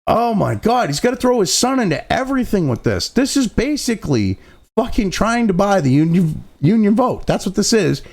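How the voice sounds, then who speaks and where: Gravelly, animated ranting man. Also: high voice, moderate pace. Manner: angry, profanity-laden, sarcastic. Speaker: political commentary host. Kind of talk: profane political rant.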